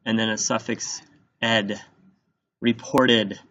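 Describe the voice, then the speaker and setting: A male teacher slowly dictating a spelling test, sounding out each word and repeating it for young students. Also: mid-range voice, a bit bright. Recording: dull lo-fi recording.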